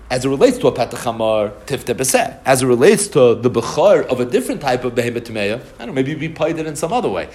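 A man giving a Talmud study lecture, explaining texts in an animated, sing-song way and repeating phrases for emphasis. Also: a little high. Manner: animated, rising sing-song when quoting and explaining text. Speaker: Talmud teacher.

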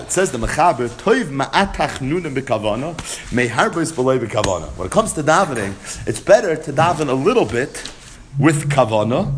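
A man with a Yeshivish English accent teaching a Talmud lesson, retelling the story in an animated, sing-song study cadence. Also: mid-range voice, slight background noise. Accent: American Yeshivish English with Hebrew-Aramaic terms. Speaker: Torah teacher.

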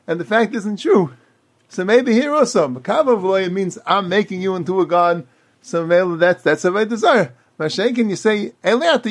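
A man giving a Talmud lecture, explaining quickly in run-on sentences and acting out the speakers he quotes. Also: high voice, breathy edge. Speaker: Talmud teacher.

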